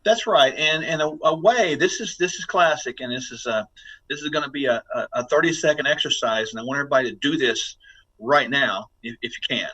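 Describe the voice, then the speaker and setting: A man's voice: mid-range voice, a little fast, sharp tone, low-quality recording. A man speaking as a guest health expert on a podcast interview, talking in an emphatic, instructive way as he coaches listeners.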